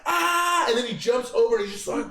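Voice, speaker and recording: A young man hosting a casual podcast, telling a wild story with lots of swearing and loud acted-out yelps. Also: very high-pitched, little pitch movement, rapid-fire, echoey room, over a noisy crowd. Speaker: podcast host.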